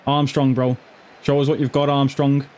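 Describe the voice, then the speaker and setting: A man's voice: mid-range voice, flat delivery, moderate pace, darkish tone. A man giving casual, chatty commentary over his own football video game, swearing and calling viewers lad and bro. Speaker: gaming YouTuber.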